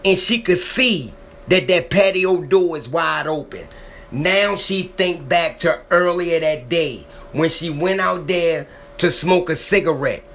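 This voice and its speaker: With a fairly high pitch and a fairly bright tone, a man speaks slowly against a faint hiss or hum. His emotional storytelling about someone's terrifying encounter is dramatic and repetitive, and his voice swells whenever the emotion builds.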